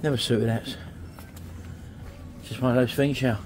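A man's voice: mid-range voice, fairly even intonation, moderate pace, darkish tone, a little hiss or hum. A man in his fifties from England, joking and teasing in casual chat while shopping. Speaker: vlogger.

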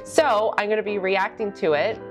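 A woman's voice: medium pitch, normal speed, faint music behind. A woman who fits pointe shoes, chatting casually and with amusement in a reaction video. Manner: chatty and amused, many fillers of "like". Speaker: pointe shoe fitter.

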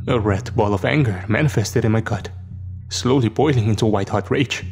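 Gravelly male horror narrator. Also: fairly low pitch, a little fast, darkish tone. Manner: tense, dramatic storytelling. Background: faint music.

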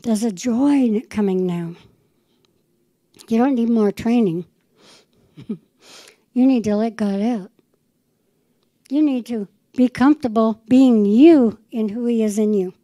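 Fervent woman preacher, high mellow voice. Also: measured pace, long pauses, no echo, low-quality recording. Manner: fervent, quotes the Lord in dialogue. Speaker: pastor. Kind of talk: sermon.

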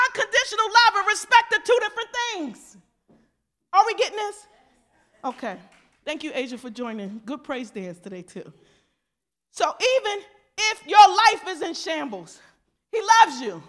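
Woman pastor, very high bright voice, chatty preaching with loud bursts. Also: lively intonation, normal speed. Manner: conversational preaching, mimics voices, asks the congregation questions; swings between loud emphatic shouts and quiet asides. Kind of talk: lively casual sermon.

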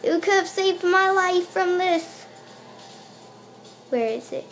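A woman's voice: extremely high pitch, slow, soft background music. A woman playing a video game and commentating it, often panicking and repeating words in bursts as she talks back to the enemies. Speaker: gaming channel host. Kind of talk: let's play commentary.

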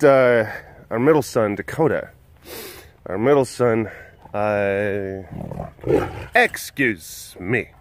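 A middle-aged man hosting a casual vlog, talking in a rambling, hesitant way with many fillers. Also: on the low side. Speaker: big cat sanctuary vlogger.

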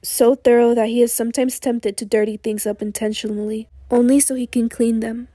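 A hoarse woman narrates a novel in a measured, steady reading voice. Her tone is fairly high yet mellow and dark, and the pitch barely moves. The recording is dry and close, with no room sound. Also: no echo. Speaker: audiobook narrator. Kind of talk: literary audiobook narration.

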